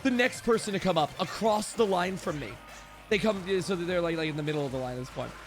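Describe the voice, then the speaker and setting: A man's voice: high-pitched, quick pace, faint music behind. A young man streaming, telling a rambling story to his chat with lots of "like" and restarts.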